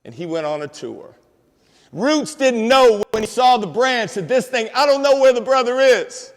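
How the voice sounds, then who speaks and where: Motivational speaker in his fifties, high voice, streetwise and preachy, booming hall reverb. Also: expressive, normal speed. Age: 50s. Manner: preachy, streetwise, calls out to the crowd. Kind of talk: inspirational school assembly talk. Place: school auditorium. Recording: long hall reverb in a large auditorium.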